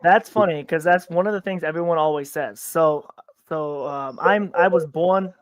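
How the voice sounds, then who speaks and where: A man from upstate New York co-hosting a podcast in casual chat, rambling with many halting restarts. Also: fairly high pitch, no room sound. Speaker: podcast co-host.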